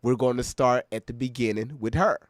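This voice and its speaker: A man's voice: medium pitch, a little fast, dry recording, studio quality. A man hosting a reaction video, rambling casually in a laid-back way.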